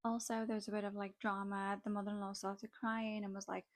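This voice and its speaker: A woman's voice: mid-range voice, level tone, a little fast, dry recording. A young woman, a makeup artist, telling a dramatic gossipy story in a casual chat full of "like" fillers.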